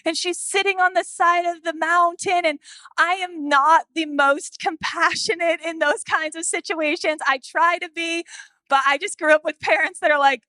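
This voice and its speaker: Casting: woman pastor, 30s, high bright voice, animated storyteller, dry close sound. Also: moderate pace, no echo. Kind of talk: sermon with personal story.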